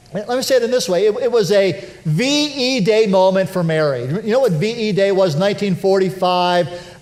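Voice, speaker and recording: High-voiced, animated male pastor preaching. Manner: conversational, animated preaching with self-deprecating humor. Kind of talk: sermon. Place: church sanctuary.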